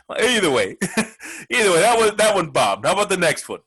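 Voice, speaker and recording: A man's voice: high voice, big pitch swings, moderate pace, long pauses, fairly bright tone, breathy edge, poor audio. A man hosting a comedic sports radio talk show, brash and profane, rambling with lots of filler words.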